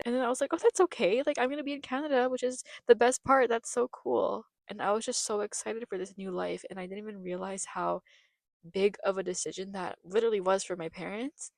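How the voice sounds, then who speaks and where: Young woman podcast host, from the Philippines, chatty and sentimental storyteller, some vocal fry, dry recording. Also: mid-range voice, no echo. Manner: chatty, nostalgic, emotional, lots of "like".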